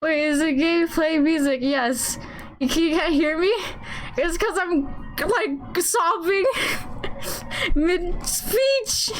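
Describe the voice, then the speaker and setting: A woman's voice: high-pitched, slow, soft background music. A woman streaming a game, chatting casually and giggling at herself. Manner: giggly, self-mocking. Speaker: let's play streamer.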